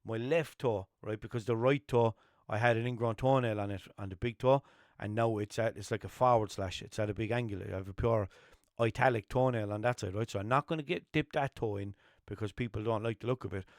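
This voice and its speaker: Sweary rambling Irish podcaster. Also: male voice, fairly quick, no room sound, studio quality. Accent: Limerick Irish. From Ireland. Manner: rambling, sweary, jokey storytelling with high-pitched acted-out voices. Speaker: podcast host. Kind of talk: casual solo podcast chat.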